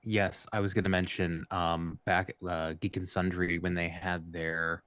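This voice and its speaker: A man's voice: low voice, level tone, a little slow, a bit bright, clean tone, no room sound. A man in casual conversation who speaks hesitantly and apologetically. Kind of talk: casual chat.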